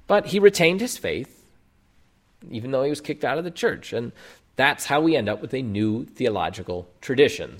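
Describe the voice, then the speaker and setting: A man preaching a sermon as a Lutheran pastor, explaining doctrine emphatically and posing rhetorical questions to the congregation. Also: medium pitch.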